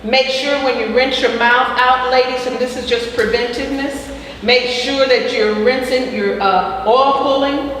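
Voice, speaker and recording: A woman with a high, steady voice teaches a casual spiritual health class at an unhurried pace, warm and preachy, frequently saying "hallelujah" and using fillers. She's far from the mic in an echoey, distant room with faint noise.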